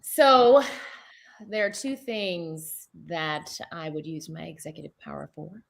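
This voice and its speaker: A woman's voice: deep voice, animated, takes it slowly, gravelly. A woman answering as a game show contestant, laid-back and joking with casual slang.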